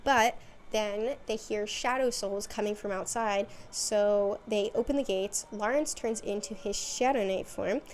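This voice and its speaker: A woman recapping a story series in a casual, chatty monologue, with sarcastic asides and quick quoted lines. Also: medium pitch, a little hiss or hum. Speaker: video essay host.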